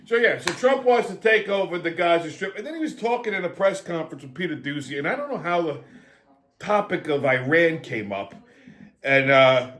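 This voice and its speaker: A man's voice: on the high side, expressive, moderate pace, fairly bright tone. A male host ranting on a comedic political show, brash, swaggering and full of swearing. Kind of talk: profane comedic political rant.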